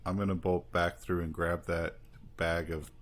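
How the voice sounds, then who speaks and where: A man's voice: deep voice, flat delivery, moderate pace. A man playing a tabletop game, asking plain practical questions. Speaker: player. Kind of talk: casual tabletop game chat.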